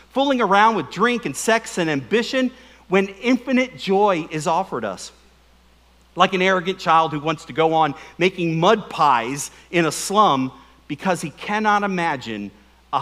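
A middle-aged male pastor gives a humorous sermon, animated and joking, and tosses questions to the congregation. His voice is high and unhurried.

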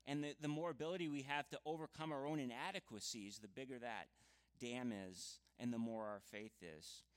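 A man preaching a sermon in an earnest, measured way, often adding "you know" as he explains scripture. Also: medium pitch.

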